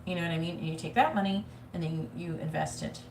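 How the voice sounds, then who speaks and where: Her voice is on the low side, fast, and a little mellow as this psychic reader delivers a blunt, expletive-laden live tarot reading with imitations of nagging voices. A slight hiss or hum sits under the echoey room's faint ambience.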